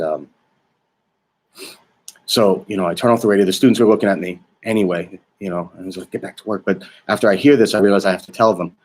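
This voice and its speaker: A middle-aged male teacher speaks to camera with a very low, deep voice. He tells a personal memory slowly and thoughtfully, pausing often with ums and uhs. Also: a little mellow. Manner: halting, thoughtful storytelling with frequent pauses and fillers. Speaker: social studies teacher. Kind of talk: personal reflective recollection to camera.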